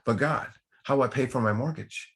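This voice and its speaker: A man's voice: medium pitch, fairly quick, voice pushed up, natural voice. A man voicing a desperate old drunk man pleading with God in a told parable. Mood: panicked.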